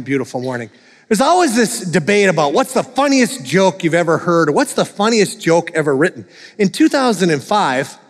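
A man's voice: on the high side, long reverb tail. A man preaching a sermon as a pastor, joking and chuckling often as he talks to his congregation in a church. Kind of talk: sermon with jokes. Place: church sanctuary.

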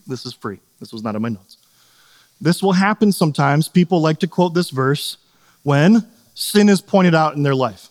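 A man preaching a sermon as pastor, earnest and animated, sometimes acting out quoted voices. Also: fairly high pitch, long reverb tail.

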